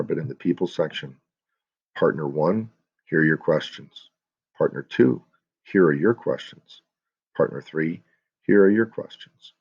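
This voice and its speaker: A male teacher with a deep, low voice walks his students through a class project step by step, talking straight to them. The recording sounds dull and lo-fi. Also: vocal fry, a little mellow, slightly rough. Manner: step-by-step, explanatory, addresses students directly.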